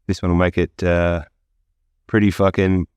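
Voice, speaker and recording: Blunt deep-voiced man. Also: level tone, normal speed, darkish tone, clean tone, no echo. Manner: blunt, profane, candid storytelling. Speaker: podcast guest. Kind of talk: casual podcast interview.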